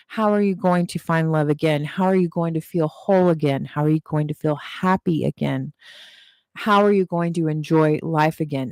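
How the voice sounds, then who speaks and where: Woman in her 40s doing a chill tarot livestream, kinda low voice, super dry close sound, keeps repeating the reassuring stuff. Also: a little mellow, no room sound. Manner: repetitive and reassuring, chatty asides. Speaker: tarot reader. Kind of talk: casual livestream tarot reading. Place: home, seated at a table.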